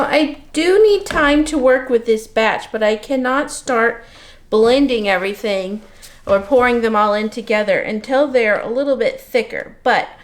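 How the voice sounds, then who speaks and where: A woman from Missouri giving a casual step-by-step craft demonstration, explaining each step as she works. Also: fairly high pitch. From Missouri, USA. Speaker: soapmaker demonstrating. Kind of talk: casual tutorial narration.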